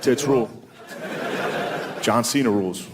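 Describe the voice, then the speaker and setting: Profane stand-up comic over roaring crowd. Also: male voice, mid-range voice, measured pace. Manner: casual, profane, keeps saying "dude". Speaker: stand-up comedian. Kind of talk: stand-up comedy set. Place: comedy club stage. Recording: live club recording, loud crowd noise. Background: loud audience laughter.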